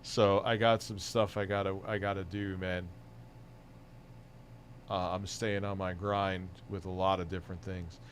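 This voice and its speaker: Low-voiced, profane male streamer. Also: flat delivery, unhurried, a little hiss or hum. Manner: profane, rambling and offhand. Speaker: livestream host. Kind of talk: casual livestream chat.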